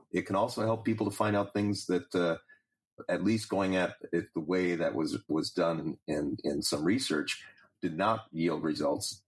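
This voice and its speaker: Very deep-voiced man explaining at length. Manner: measured, explanatory, listing examples. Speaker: guest, president of a technical professional organization. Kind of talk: conversational interview answers.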